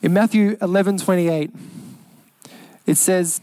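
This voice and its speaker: Earnest young Australian pastor preaching. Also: male voice, high-pitched, dry recording. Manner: earnest preaching, slows and softens on key phrases, repeats lines for emphasis. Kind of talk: sermon.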